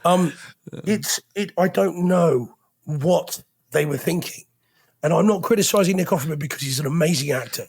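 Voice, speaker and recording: A man's voice: a little high, moderate pace, gravelly, darkish tone, husky. A man with an English accent, co-hosting a casual podcast chat, telling a story and teasing his co-hosts, with a cough. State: has a cough. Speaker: podcast co-host.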